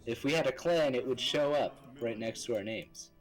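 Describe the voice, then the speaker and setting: A man's voice: medium pitch, normal speed, faint music behind, low-quality recording. A man chatting and joking in casual gaming banter with friends over voice chat. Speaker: gamer on stream.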